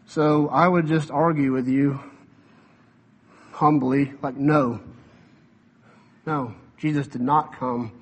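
A young adult man, a pastor, preaching a sermon in a conversational way with quick asides and some fillers. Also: mid-range voice, steady tone, slightly rough.

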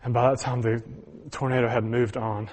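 A man's voice: medium pitch, little pitch movement, normal speed, a little mellow. Man telling a sermon story. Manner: earnest storytelling with chuckles and restarts. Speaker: pastor.

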